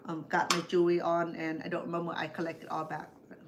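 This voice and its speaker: An older woman hosting a cooking show chats and rambles through family stories while she cooks, acting out her relatives' voices. Her voice is fairly low with a completely flat delivery and a quick pace, against a noisy background.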